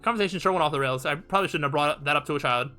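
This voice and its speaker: A man's voice: on the high side, very fast, sharp tone, faint music behind. A man hosting a let's play, reading the story aloud in a casual, hesitant way. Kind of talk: reading a visual novel aloud.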